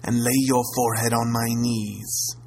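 A man reading a story aloud and voicing a withered ancient crone in a hushed, slow, ominous whisper. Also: medium pitch, little pitch movement, gravelly, a little hiss or hum. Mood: commanding. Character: withered ancient witch-like crone, sly and sinister.

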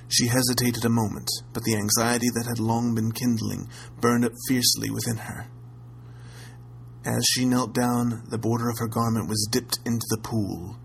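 A man narrating a classic tale aloud in a measured, steady storytelling manner. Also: medium pitch, creaky, slight background noise, low-quality recording. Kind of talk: audiobook reading of a classic tale.

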